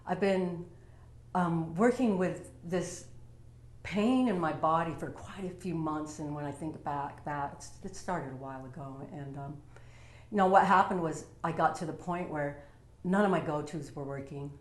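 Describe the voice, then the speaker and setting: A Utah woman with a deep voice talks at a moderate pace, sharing a personal story from home like a vlogger. She's casual, heartfelt and rambling, with lots of fillers, and the room gives a roomy echo.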